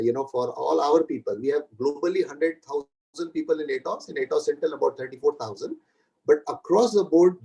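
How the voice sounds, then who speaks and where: Middle-aged keynote speaker, a man with a high, mellow voice; talks straight to students through anecdotes. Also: low-quality recording. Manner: addresses students directly, tells anecdotes. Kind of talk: motivational seminar talk.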